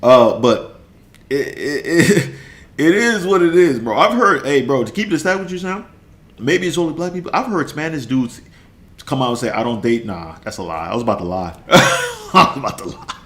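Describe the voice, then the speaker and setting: A man's voice: medium pitch, expressive, moderate pace, echoey room. A man ranting in casual slang on a stream, repeating himself and laughing often. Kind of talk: casual rant.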